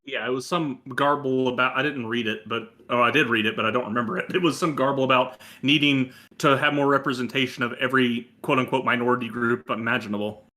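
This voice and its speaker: A man's voice: medium pitch, steady tone, fast talker, few pauses, pushed and bright. A man co-hosting a casual gaming chat show, wry and joking. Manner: wry, joking, reads quotes aloud. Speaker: podcast co-host.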